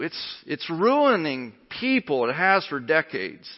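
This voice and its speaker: A man's voice: a little high, big pitch swings, slow pace, few pauses. A man preaching a sermon as pastor, emphatic and earnest. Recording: lo-fi recording in a reverberant hall.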